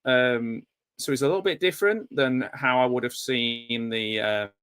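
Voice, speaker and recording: A man's voice: mid-range voice, measured pace, a bit bright, clear, resonant tone. A man giving a casual, rambling live commentary while watching a movie, drifting into nostalgic asides. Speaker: film commentator.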